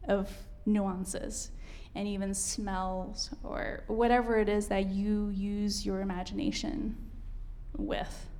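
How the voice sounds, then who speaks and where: A woman's voice: medium pitch, little pitch movement, takes it slowly, darkish tone, slight background noise. A woman teaching a piano masterclass, coaching a student and singing rhythms aloud as she counts.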